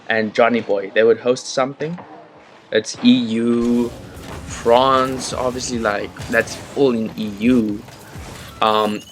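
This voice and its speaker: A man casually commentating a game from his bedroom, rambling and chatty with bursts of excitement, on a laptop mic. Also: mid-range voice, a little hiss or hum. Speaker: gaming commentator and host. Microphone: laptop built-in mic.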